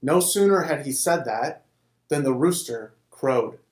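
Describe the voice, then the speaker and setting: A man's voice: a little high, expressive, a little slow. A man telling a Bible story in a casual, conversational way, with occasional restarts. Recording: roomy echo.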